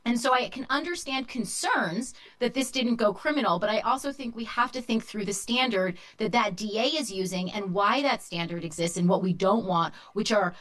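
A woman lawyer speaking as a panel guest, measured and analytical as she argues a point. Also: mid-range voice, a bit bright, low-quality recording. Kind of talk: panel discussion.

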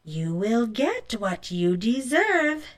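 A woman voicing a stern, mysterious old woman in a storybook, speaking in a measured, warning way. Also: fairly high pitch, very animated.

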